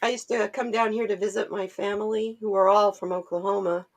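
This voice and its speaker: A woman from Oregon joins a casual livestream conversation. She tells lively stories and laughs often between remarks. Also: mid-range voice, brisk. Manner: animated storyteller, laughs often. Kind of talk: casual chat.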